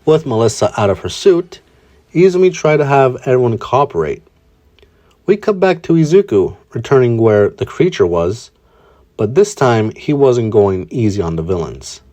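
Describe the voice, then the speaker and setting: A man's voice: medium pitch, big pitch swings, moderate pace, warm tone. A man narrating fan fiction.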